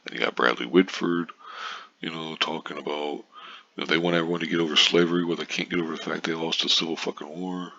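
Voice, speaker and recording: Super deep raspy dude ranting, sarcastic and swearing a lot, kinda sharp tone. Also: male voice, fairly even intonation, quick pace, lo-fi sound. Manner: profane, sarcastic, reads out posts and scoffs. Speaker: commentator. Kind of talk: casual political rant.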